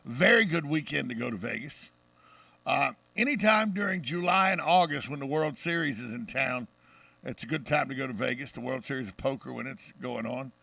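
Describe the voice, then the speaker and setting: A middle-aged Southern man hosts a talk radio show, bantering and telling jokes. His voice is bright and gravelly. The sound is dry, and he sits a bit back from the mic. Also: mid-range voice, no room sound, distant mic. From Deep South of the US. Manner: brash, joking, fast-talking storyteller.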